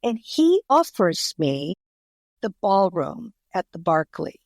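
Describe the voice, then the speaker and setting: A woman's voice: lowish voice, slow pace, creaky, no echo. A middle-aged woman, a guest author, telling personal stories in a podcast interview and acting out the voices of the people she quotes. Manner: animated storyteller, acts out quoted voices.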